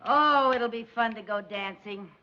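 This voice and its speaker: A woman's voice: on the high side, measured pace, lightly acted. An actress playing a cheerful, zany woman in a 1960s sitcom, with a comic, playful delivery. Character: zany cheerful woman doing duck calls. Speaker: sitcom lead. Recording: dull old TV audio, studio laughter, hiss.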